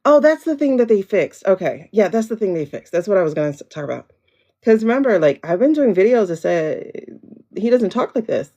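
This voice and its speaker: Gravelly, animated woman livestreaming. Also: mid-range voice, a little fast. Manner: chatty, greets viewers by name, drawls "girl" and "child". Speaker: livestream host. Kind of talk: casual livestream chat. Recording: lo-fi downloaded livestream audio.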